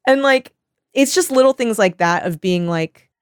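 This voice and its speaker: A woman in her thirties tells stories in a casual chat and keeps breaking into laughter. She acts out other people's voices and swings widely in pitch. The sound is dry and close. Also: moderate pace, clean tone, no echo. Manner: animated storytelling, acts out quoted voices; laughs often. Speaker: podcast host.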